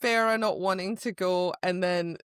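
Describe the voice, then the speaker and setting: A woman's voice: fairly low pitch, fairly even intonation, moderate pace, clean tone, dry recording, clean studio sound. A woman co-hosting a podcast, chatting about a book in a gushing, dramatic way. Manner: gushing, dramatic, quotes scenes in put-on voices. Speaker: podcast co-host. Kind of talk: casual book discussion.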